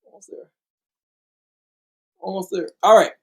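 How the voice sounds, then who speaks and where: A man's voice: sits high, a little slow, a bit bright, poor audio. A young man co-hosting a casual livestream chat, rambling and apologetic, laughing often. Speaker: livestream co-host.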